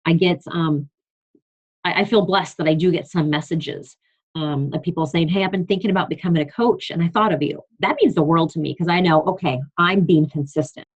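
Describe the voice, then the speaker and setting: Earnest woman coach with a husky voice. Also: sits low, muffled recording. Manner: earnest and emphatic, reading from notes. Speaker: fitness business coach leading a team call. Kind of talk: motivational team call talk.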